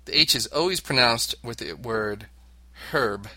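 Man reading tips aloud, tense and sharp tone, dry close sound, giggly co-host. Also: mid-range voice, expressive, normal speed, dry recording. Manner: giggly, reads text aloud. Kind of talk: reading aloud in casual chat.

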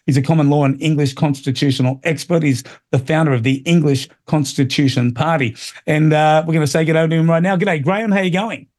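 A man's voice: a little high, steady tone, fairly quick, darkish tone. A middle-aged Australian man hosting a talk radio show, delivering an opinionated, rambling monologue full of fillers and restarts.

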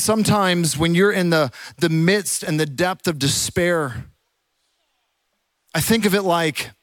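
A man preaching a sermon as a pastor, telling the story with animated energy and dropping to a hush for the quiet parts. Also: a little high, no room sound. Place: church.

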